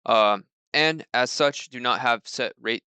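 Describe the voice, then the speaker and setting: Bright, crisp-voiced man coaching sales. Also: medium pitch, a little slow, no room sound. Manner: reads sample scripts in a slightly raised voice; loose and conversational with fillers. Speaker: mortgage sales trainer. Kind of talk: casual instructional talk.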